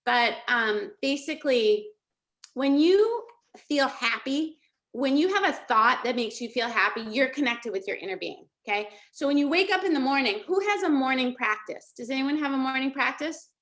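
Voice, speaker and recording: A middle-aged woman leading a live coaching session over a video call, energetic and checking in with her listeners again and again. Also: sits high, normal speed. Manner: energetic, checks in often with "okay?" and "right?". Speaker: life coach.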